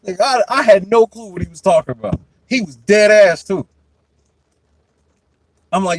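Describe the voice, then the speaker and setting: A young man and podcast host telling stories in a casual chat, profane and animated, often breaking into laughter. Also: high-pitched, moderate pace, long pauses, dry recording, low-quality recording.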